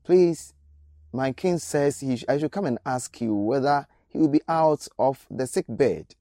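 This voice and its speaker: A man's voice: medium pitch, unhurried, mellow, no room sound, studio quality, natural voice. A man doing Hazael, a shocked, pleading army officer. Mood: protesting. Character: ambitious male army officer, protesting and shocked.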